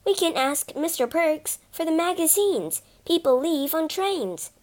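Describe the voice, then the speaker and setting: A woman's voice: very high-pitched, animated, unhurried, darkish tone, voice pushed up. Woman doing a brave, caring big sister. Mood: earnest caring. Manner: earnest and comforting.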